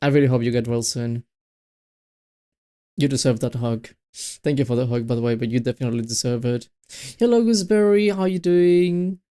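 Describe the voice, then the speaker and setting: A man's voice: medium pitch, flat delivery, a little fast, long pauses, warm tone. A man streaming a game, chatting casually and rambling with his chat between reading lines. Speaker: VTuber streamer.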